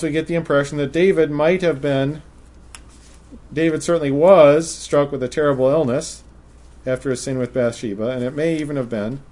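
A man preaching a sermon, speaking in a measured way and reading scripture passages aloud in old-style wording. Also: a little high, darkish tone.

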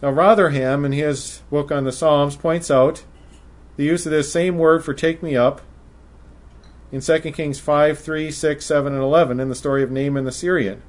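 Man preaching a measured sermon. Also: fairly high pitch, fairly even intonation. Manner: measured preaching, reads scripture in King James wording.

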